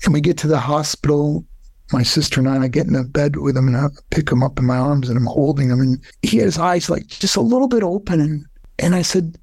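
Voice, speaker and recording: Gravelly earnest man telling a story. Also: fairly even intonation, brisk, a little mellow, dry recording. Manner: earnest, voice rising high when moved. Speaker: guest. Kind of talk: emotional personal storytelling.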